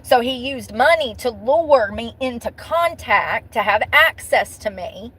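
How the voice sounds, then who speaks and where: A woman's voice: fairly high pitch, expressive, measured pace, a bit bright, slightly rough, rough recording. A woman vlogger venting to her viewers in a blunt, profane way, repeating phrases over and over for emphasis. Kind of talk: emotional venting monologue.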